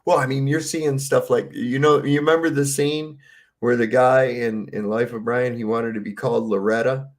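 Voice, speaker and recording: A man's voice: mid-range voice, steady tone, moderate pace. A man chatting casually on a livestream, swearing freely, laughing often and acting out movie scenes.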